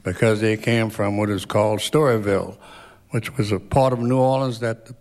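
A man introducing a song from a concert stage in a slow, folksy storytelling manner. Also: fairly low pitch, fairly even intonation, a little mellow. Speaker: banjo player and singer. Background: banjo playing.

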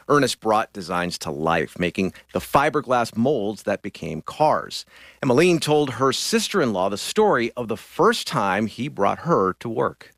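A man hosting a radio program, reading scripted story introductions clearly. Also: mid-range voice, fairly bright tone, dry recording. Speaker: radio news host.

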